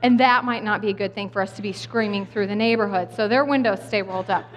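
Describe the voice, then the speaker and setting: A woman's voice: medium pitch, fast talker. A woman in her thirties or forties telling a funny story in a sermon, acting out voices along the way. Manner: animated, humorous, acts out voices. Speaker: speaker giving a sermon. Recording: long hall reverb.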